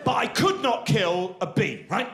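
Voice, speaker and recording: A man's voice: high voice, sing-song, unhurried, vocal fry, a crowd in the background. A man in his forties doing live stand-up comedy, rambling and digressive with frequent tag questions. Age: 40s. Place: theatre stage before a live audience.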